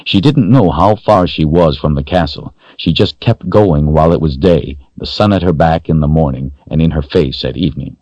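A man narrating a children's story in a steady, measured storytelling voice. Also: rumbling low, dry recording. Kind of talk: audiobook narration. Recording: dull dry lo-fi recording.

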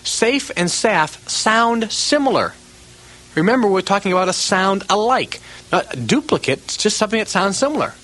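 A man with a slightly high, husky voice teaches a recorded lesson. His pitch swings widely as he stresses and repeats example words, stretching them out slowly. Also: expressive, bright, forceful tone, low-quality recording. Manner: emphatic, drawn-out repetition of example words. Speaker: memory course instructor.

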